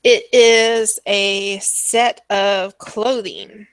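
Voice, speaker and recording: A woman narrating a tabletop game as game master, slow and hesitant with many fillers. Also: mid-range voice, steady tone, smooth, dry recording.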